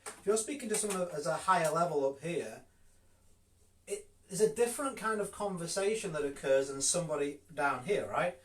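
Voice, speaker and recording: A man's voice: fairly high pitch, animated, brisk, fairly bright tone. A man with a Yorkshire accent giving a live-streamed network marketing coaching talk, direct and emphatic, often repeating words for stress. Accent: Yorkshire English.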